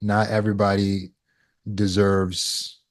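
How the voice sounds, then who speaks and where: A man's voice: fairly low pitch, level tone, slow. A man giving a spoken lesson to an online audience. As a healing course teacher, he asks rhetorical questions and repeats words while he thinks.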